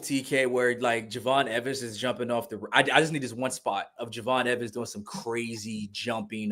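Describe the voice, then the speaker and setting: A man co-hosting a casual wrestling podcast, excitable and jokey, rambling with slang and restarts. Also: medium pitch, moderate pace, few pauses. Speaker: podcast co-host.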